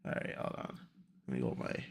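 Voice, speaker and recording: A young man streams casually, talking a little fast, rambling and exclaiming to himself while setting up a video. Slight background noise is audible.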